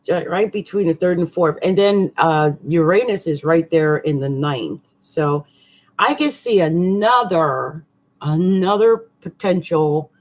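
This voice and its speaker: Chatty woman giving an astrology forecast. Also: lowish voice. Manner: chatty, animated, laughs often, slangy asides. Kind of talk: casual astrology forecast monologue.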